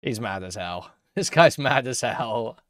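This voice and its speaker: A man's voice: mid-range voice, animated, measured pace, a bit bright, no room sound, clean studio sound. A man streaming live, giving casual commentary in a rambling, profane way while reading chat aloud.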